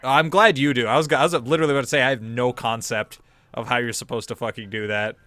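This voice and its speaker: A man's voice: mid-range voice, fairly even intonation, fast talker, bright, forceful tone. A man chatting casually over a video game, laughing often, rambling and swearing freely. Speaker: co-host of a gameplay video. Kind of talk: casual gameplay chat.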